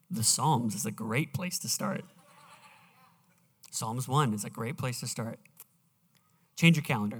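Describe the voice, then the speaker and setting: A male pastor preaching a sermon, emphatic and slowing down as he reads scripture aloud in a church auditorium. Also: on the high side, lively intonation, fairly bright tone. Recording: reverberant hall, live church sound.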